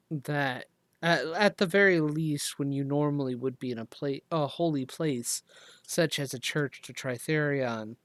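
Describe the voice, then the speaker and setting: A game master narrating a tabletop game, describing scenes in a halting way with many fillers. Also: mid-range voice, no echo.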